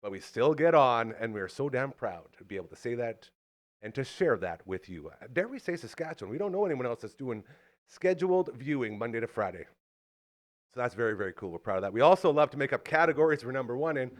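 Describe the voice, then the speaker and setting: A man's voice: medium pitch, lively intonation, fast. A man hosting a live local talk show, out of breath and joking in an upbeat, hyped way. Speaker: podcast host.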